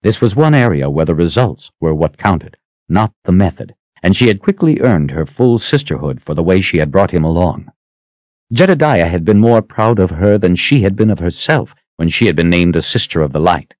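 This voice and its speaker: A man reading a fantasy audiobook aloud in an expressive, dramatic way. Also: sits low, moderate pace, no room sound. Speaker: audiobook narrator. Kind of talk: scripted fantasy narration. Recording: dry, slightly muffled audio.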